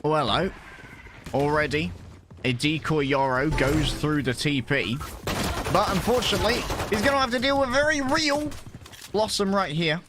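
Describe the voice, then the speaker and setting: A man's voice: on the high side, lively intonation, normal speed, background noise. A young English man doing play-by-play esports commentary with jokey, playful asides. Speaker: esports caster.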